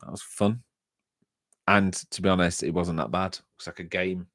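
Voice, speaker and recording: A deep-voiced man chats casually with his live-stream audience. He rambles through personal anecdotes and often trips over and restarts his sentences. The sound is close and dry, with no room echo. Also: moderate pace, a bit bright. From England. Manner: chatty, rambling anecdotes with frequent self-restarts. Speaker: livestream host reading chat.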